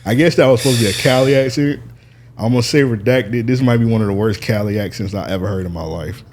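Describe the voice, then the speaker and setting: A man's voice: fairly low pitch, fast, darkish tone, a little hiss or hum. A man co-hosting a casual podcast, telling a long story full of "like" and laughing as he goes. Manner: storytelling, laughing, heavy use of "like". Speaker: podcast co-host. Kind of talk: casual chat.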